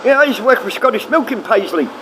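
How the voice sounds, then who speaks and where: Man, middle-aged, high voice, rambling livestream chat, blunt, swearing. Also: lively intonation, fast, pushed and bright, slight background noise.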